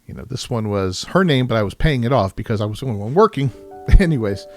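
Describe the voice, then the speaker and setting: A man candidly telling a personal story in a rambling, halting way, with many restarts and "you know"s. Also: mid-range voice, lively intonation, dry recording. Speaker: vlogger sharing a personal story. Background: background music.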